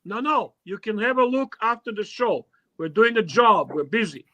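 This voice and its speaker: A man co-hosting a livestream in a casual, blunt and emphatic way. His voice sits high for a man. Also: expressive, moderate pace, bright, forceful tone, muffled recording.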